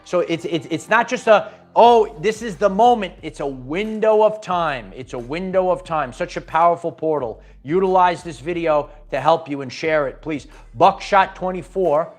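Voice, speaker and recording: A man's voice: a little high, expressive, normal speed, few pauses, soft background music. Emphatic man giving a spiritual pep talk. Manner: repetitive, emphatic, restarts often. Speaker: spiritual channel host.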